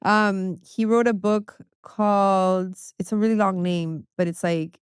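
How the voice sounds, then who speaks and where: A woman's voice: medium pitch, fairly even intonation, unhurried, clean tone, no room sound, studio quality. A woman guest on a podcast, chatting casually and animatedly, laughing often and swearing freely. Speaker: podcast guest, music publicist. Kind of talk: casual chat.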